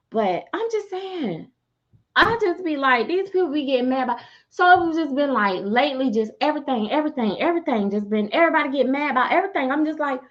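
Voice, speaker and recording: A woman who makes and sells dolls, ranting on a livestream in a sassy, animated way and cussing freely. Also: high voice, brisk, lo-fi sound. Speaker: doll artist and seller. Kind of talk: livestream rant.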